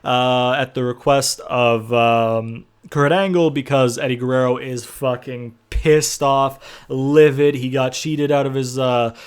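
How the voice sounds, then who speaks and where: A man's voice: mid-range voice, fairly even intonation, measured pace, few pauses, clear, resonant tone. Laid-back young man recapping a game. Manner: rambling, filler-heavy, laid-back with casual swearing. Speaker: gaming video host. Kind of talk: casual game commentary recap.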